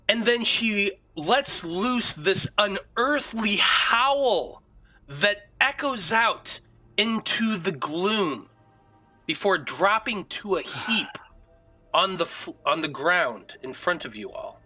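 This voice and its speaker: A man's voice: sits high, expressive, takes it slowly, bright, forceful tone, poor audio. A man narrating a tabletop game as game master, describing scenes vividly.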